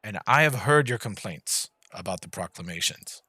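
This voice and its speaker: A man voicing a smug male ruler who smiles down at a crowd and makes slow, measured proclamations. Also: fairly low pitch, expressive, bright, forceful tone, slightly rough, no echo, heavily acted. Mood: calmly commanding.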